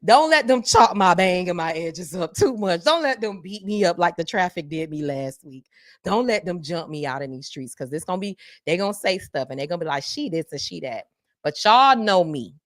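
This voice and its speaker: Animated woman host, preacher-like calls. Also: on the low side, moderate pace, no room sound, studio quality. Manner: animated, preacher-like call and response. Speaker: podcast host. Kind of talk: live-stream chat with viewers.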